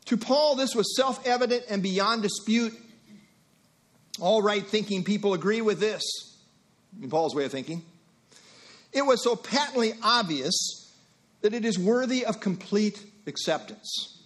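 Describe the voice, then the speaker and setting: A middle-aged male pastor preaching an expository sermon, emphatic, with rhetorical questions and quick asides. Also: high-pitched, animated, fairly bright tone.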